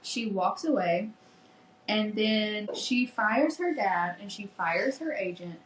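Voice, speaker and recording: Excited woman gushing over a book. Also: medium pitch, slow, roomy sound, a little hiss or hum, low-quality recording. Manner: excited, swears freely, retells scenes with quoted dialogue. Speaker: podcast co-host. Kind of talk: casual book review chat.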